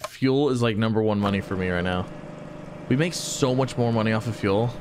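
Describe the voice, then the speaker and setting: A man's voice: lowish voice, brisk, noisy background. A man casually commenting on his own gameplay, talking to viewers and to himself with frequent exclamations. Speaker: gaming channel host.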